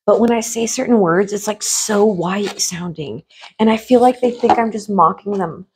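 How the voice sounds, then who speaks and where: Rambling, hushed woman mukbang vlogger. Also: mid-range voice, normal speed, a little hiss or hum. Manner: rambling, filler-heavy, sometimes swears; speaks in a hushed tone while eating. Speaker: food vlogger and streamer. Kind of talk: casual mukbang chat.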